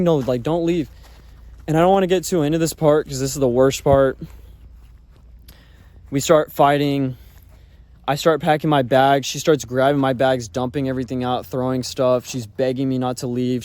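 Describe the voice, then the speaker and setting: A man's voice: medium pitch, darkish tone. A man telling a personal story in a casual, rambling way, full of fillers and swearing. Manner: rambling, filler-heavy talk with frequent swearing.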